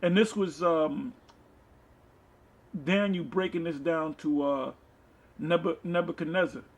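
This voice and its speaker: Gravelly man preaching on scripture. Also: fairly high pitch, takes it slowly. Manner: reads verses aloud, then explains them loosely with fillers. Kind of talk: scripture teaching.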